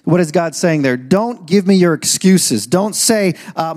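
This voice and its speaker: Guy preaching in a big echoey church, slightly high voice, slows way down on the big lines. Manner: emphatic, swings from low and measured to loud and rising; slows right down to stress key phrases. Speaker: pastor. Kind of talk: sermon. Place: church auditorium. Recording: long reverb in a large hall.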